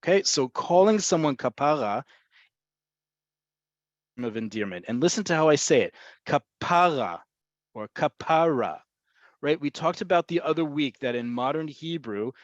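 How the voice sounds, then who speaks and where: A man's voice: on the high side, expressive, moderate pace, no echo. A man teaching a webinar lesson, explaining slang words and repeating his points as he talks to the folks listening. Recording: muffled webinar audio, cutting in and out.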